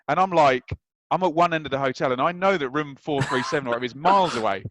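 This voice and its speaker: A man in his thirties, on as a guest, tells stories with lively energy and acts out what people said. His voice sits a little on the high side. The sound is close and dry, with no room in it. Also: quick pace, no room sound, poor audio. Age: 30s. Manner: animated, acts out quoted lines. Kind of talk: anecdotal storytelling.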